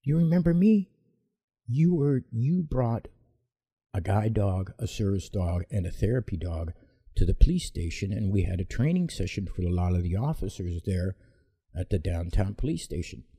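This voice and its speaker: A man's voice: on the low side, lively intonation, normal speed, mellow, slightly rough. A man voicing a friendly male police sergeant in a raised, upbeat voice while telling a story.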